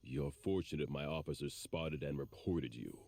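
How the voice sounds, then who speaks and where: An actor playing a scheming male enemy commander in a game, speaking in a hushed, breathy, mocking drawl. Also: a bass voice, normal speed, no echo, exaggerated voice. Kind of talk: game voice acting.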